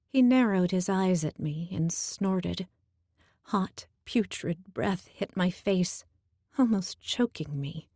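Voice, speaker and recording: A woman reads a first-person fantasy audiobook with an unhurried, emotional delivery. Her mid-pitched voice carries a gravelly edge, recorded dry and close. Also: mellow, no room sound. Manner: slow, emotional storytelling. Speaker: audiobook narrator.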